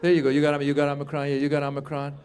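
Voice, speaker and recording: This fiftyish stand-up comic races through his set in a slightly high, clear, resonant voice, working the club crowd loudly and shouting his punchlines with animated energy.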